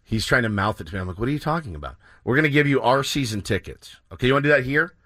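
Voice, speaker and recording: A man's voice: mid-range voice, lively intonation, very fast, sharp tone, dry recording. A man co-hosting a radio show, laid-back and joking with his partners. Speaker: radio co-host and quiz contestant. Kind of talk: casual radio banter. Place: radio studio.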